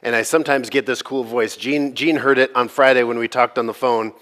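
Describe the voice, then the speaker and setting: Gravelly-voiced pastor preaching casually. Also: male voice, medium pitch, fairly even intonation, a little fast, a bit bright. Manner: casual, joking, conversational preaching. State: slightly gravelly from allergies. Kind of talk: sermon.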